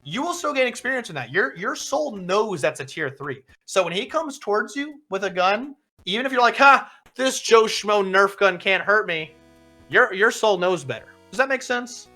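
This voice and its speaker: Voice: medium pitch, lively intonation, normal speed, sharp tone, faint music behind. A streamer voicing a strict male combat teacher who lectures with rhetorical questions and dry humor in a tabletop role-play. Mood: lecturing. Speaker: game master.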